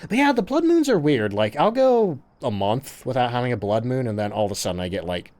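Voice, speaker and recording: Guy live streaming a game, chatty, reading chat out loud, bouncy animated voice. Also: mid-range voice, a little fast. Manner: chatty, reads chat aloud and answers questions.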